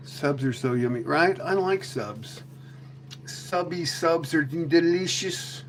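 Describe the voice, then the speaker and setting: Rambling joking man, somewhat high voice. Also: slow pace, fairly bright tone, a little hiss or hum. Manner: rambling, joking, frequent mild swearing. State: a little out of breath after chasing goats. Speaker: streamer chatting with viewers. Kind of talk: casual live-stream chat.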